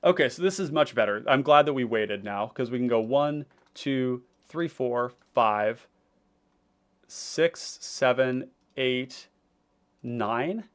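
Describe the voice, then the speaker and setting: A man's voice: medium pitch, animated, takes it slowly, clear, resonant tone. Rambling man hosting a casual stream. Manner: rambling, many fillers and restarts, reading chat aloud. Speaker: deck-building host. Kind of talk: casual livestream chat.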